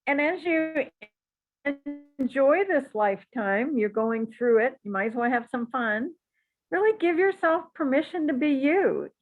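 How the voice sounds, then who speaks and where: A woman teaching a psychic class in a relaxed, chatty and encouraging way, with frequent asides. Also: high voice, measured pace, faint music behind. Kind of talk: relaxed spoken class talk. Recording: tinny phone-like audio.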